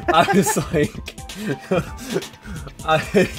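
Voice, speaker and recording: A man's voice: high voice, very animated, extremely slow, gravelly, over music. A young man casually chatting with a friend while playing a video game, giggly and rambling. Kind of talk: casual let's-play chat.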